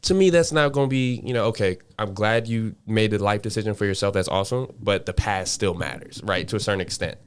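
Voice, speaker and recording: A young man co-hosts a casual podcast chat in a smooth, resonant voice. He is emphatic and repeats phrases to press his point. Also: lowish voice, fairly quick, hardly any pauses. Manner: emphatic, repeats himself for stress. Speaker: podcast co-host.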